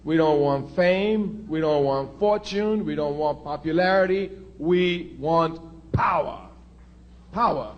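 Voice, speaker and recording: Measured man giving a political speech. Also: fairly high pitch. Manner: measured, drawn-out emphasis on key words.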